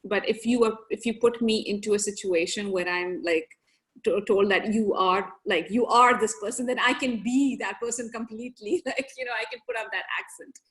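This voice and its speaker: A young adult woman, a podcast guest, telling stories in a casual, animated way and laughing often. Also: on the high side, normal speed. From grew up in several countries. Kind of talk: casual storytelling chat.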